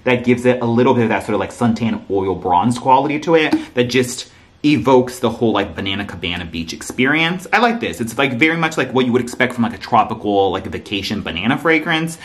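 A man chatting casually through a candle review vlog, gushing and effusive, his speech full of "like" and little fillers. His voice sits at an ordinary middle pitch for a man, and he talks as a regular host speaking straight to his viewers. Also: expressive, fast talker.

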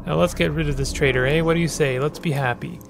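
A man voicing a sinister, manipulative shadow double in a video game, low and softly coaxing. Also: fairly even intonation, quick pace, vocal fry, slight background noise.

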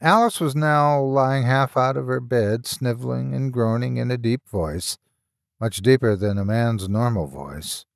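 A man reading a horror audiobook aloud with a dramatic, measured delivery and slow pauses. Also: medium pitch, gravelly, dry recording, studio quality. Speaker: audiobook narrator. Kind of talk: scripted horror audiobook narration.

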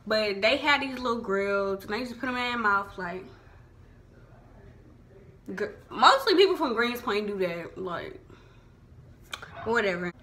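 A young woman from Houston, Texas, vlogs casually about local slang in a Southern Houston accent, laughing often and saying "like" a lot. Her medium-pitched voice is expressive, bright and forceful, unhurried with long pauses, over a little hiss or hum.

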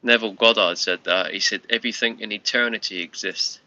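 A man chatting to viewers on his live stream, tired, rambling and halting with many restarts. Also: fairly low pitch, fairly even intonation, pushed and bright. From United Kingdom. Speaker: livestream host. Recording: lo-fi muffled livestream audio.

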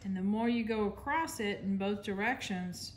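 A woman's voice: medium pitch, normal speed, a little hiss or hum. An American woman giving a casual, chatty painting demonstration, talking while she works and apologizing to viewers now and then. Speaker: art instructor.

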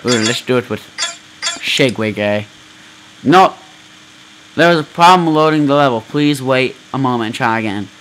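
A man giving loud, profane let's play commentary from home, often yelling as he reacts to the game. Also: medium pitch, normal speed, pauses often, a little hiss or hum, rough recording. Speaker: gamer.

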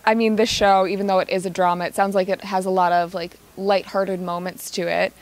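A woman's voice: mid-range voice, flat delivery, fairly quick. Upbeat woman entertainment host. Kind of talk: casual interview.

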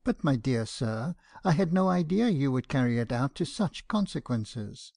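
A man's voice: mid-range voice, very animated, normal speed, gravelly, a little mellow, no room sound, clean studio sound. A man voicing a fussy, earnest old doctor. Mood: earnest reproof. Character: fussy, earnest elderly male doctor, gently reproving. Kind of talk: audiobook character reading.

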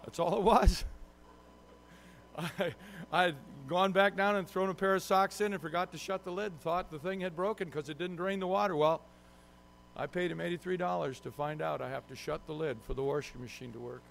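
A man's voice: sits high, moderate pace, gravelly, fairly bright tone. A man preaching a sermon who tells a self-deprecating story and acts out his own frustration. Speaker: pastor. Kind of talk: sermon with humorous personal story. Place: church sanctuary.

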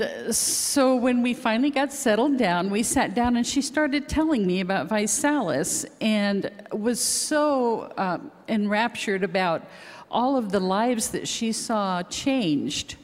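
An older woman giving a chatty, rambling testimony on stage, laughing easily. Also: medium pitch. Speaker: guest speaker. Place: large hall with audience. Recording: reverberant hall with crowd.

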